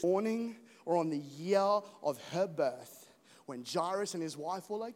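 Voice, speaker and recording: A man preaching an animated sermon as a pastor, joking and building to loud peaks. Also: on the high side, normal speed. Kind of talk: energetic sermon. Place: large church hall. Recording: long hall reverb.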